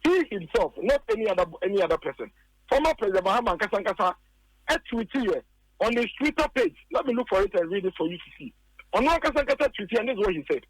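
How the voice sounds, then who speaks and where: A high-pitched Ghanaian man talking politics on a radio show, argumentative and insistent, circling back to repeat his points. The sound is dry and close, with no room around it. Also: big pitch swings, fast, dry recording, poor audio. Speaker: political commentator.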